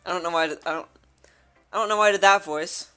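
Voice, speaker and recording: A woman's voice: mid-range voice, fast, a bit bright, clear, resonant tone, faint music behind. A woman livestreaming a game, chatting with her viewers and laughing often. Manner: giggly, chatty, talks to chat. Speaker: streamer. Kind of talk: livestream gameplay commentary.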